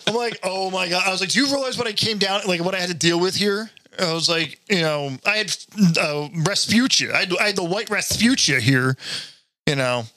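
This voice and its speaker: A man's voice: high voice, brisk, no room sound. A man telling a crude story on a casual podcast, laughing often and acting out the other people in it. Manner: animated, laughs often, acts out voices in stories. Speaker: podcast co-host.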